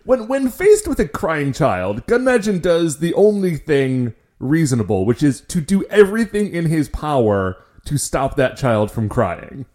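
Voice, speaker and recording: Mellow-voiced man with wry asides. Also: on the high side, very animated, measured pace, few pauses. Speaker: podcast co-host. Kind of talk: casual chat.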